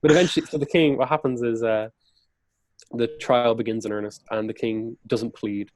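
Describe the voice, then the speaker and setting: A man's voice: mid-range voice, steady tone, normal speed, darkish tone. A man, a podcast guest and historian, telling a historical story in conversation and acting out quotes along the way. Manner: vivid retelling that acts out historical quotes.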